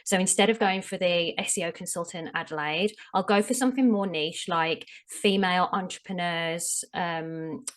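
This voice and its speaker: A woman's voice: fairly low pitch, normal speed, hardly any pauses. A woman explaining her field as a podcast guest in a frank, conversational way, stressing her key tips. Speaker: SEO strategist, podcast guest. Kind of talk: casual interview chat.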